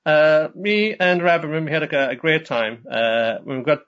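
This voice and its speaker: Kind cartoon schoolgirl, voiced by a man, high and gentle, lo-fi recording. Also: moderate pace, lightly acted. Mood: earnest.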